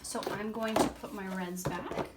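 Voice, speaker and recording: A woman vlogger giving a casual, chatty craft tutorial at home, relaxed, with frequent ums and a tired, yawning edge. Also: medium pitch, unhurried, very noisy. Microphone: camera on a tripod.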